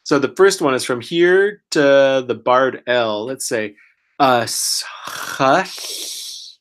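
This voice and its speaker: A male language teacher with a mid-range voice who speaks slowly and deliberately. He praises each attempt warmly and drags out every word he demonstrates. He sounds sick and keeps clearing his throat. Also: mid-range voice. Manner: encouraging, praises often, models words very slowly. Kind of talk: one-on-one pronunciation lesson.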